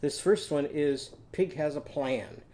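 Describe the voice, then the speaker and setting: A man's voice: fairly high pitch, slow pace, warm tone. A man teaching a children's literacy lesson, leading call-and-response and drawing out syllables for kids to repeat.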